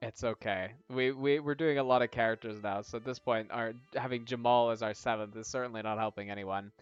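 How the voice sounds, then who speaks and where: A man casually narrating a tabletop-style game on a live stream, pausing often and asking his viewers for ideas. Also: mid-range voice, steady tone, smooth, no room sound. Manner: hesitant, lots of ums, chatty with viewers. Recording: dull lo-fi audio with faint game music.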